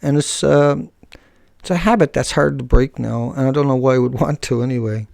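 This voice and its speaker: A man's voice: mid-range voice, brisk, creaky, a little mellow, no room sound, studio quality. A man video-blogging live, combative and scornful toward a commenter, breaking off into joking asides with viewers. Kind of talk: live-streamed rant to viewers.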